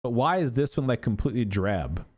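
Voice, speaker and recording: Animated male gamer ranting casually. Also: medium pitch, fairly quick. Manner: animated, exasperated ranting with profanity. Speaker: gaming content creator. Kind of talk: casual game commentary.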